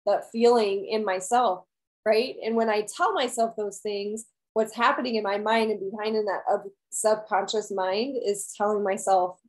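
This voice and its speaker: In a mid-range voice captured on a rough recording, a woman who works as a wellness coach encourages her viewers with an earnest motivational talk, returning to key phrases and frequently tossing in "right?"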